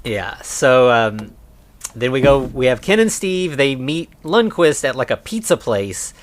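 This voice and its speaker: A man's voice: mid-range voice, big pitch swings, unhurried. A man co-hosting a podcast in a casual chat, recapping a film in a rambling way with lots of fillers and acted-out quotes. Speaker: podcast co-host.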